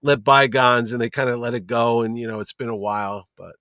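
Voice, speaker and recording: A middle-aged man, a convention producer, telling lively anecdotes as a guest and acting out the people he quotes. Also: mid-range voice, fairly quick, dry recording, clean studio sound. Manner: lively storyteller who acts out quoted people. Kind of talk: casual podcast chat, anecdotes.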